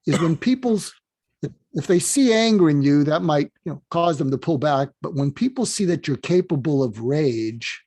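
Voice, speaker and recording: A man with a fairly high voice gives earnest advice as a podcast guest. He speaks right to the listeners, and the recording sounds dry and close. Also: lively intonation, moderate pace, warm tone, no echo. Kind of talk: giving advice in an interview.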